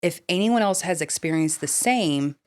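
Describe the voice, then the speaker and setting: A woman with a slightly low voice chats on a podcast, lively and full of "like" and "you know." She swears casually and reads stories aloud in an animated way. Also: normal speed, clean tone. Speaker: podcast co-host.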